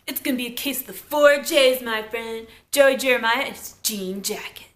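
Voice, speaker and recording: A woman's voice: on the high side, moderate pace, a bit bright, natural voice. A woman voicing a cocky, show-off teenage boy who turns whiny when upset.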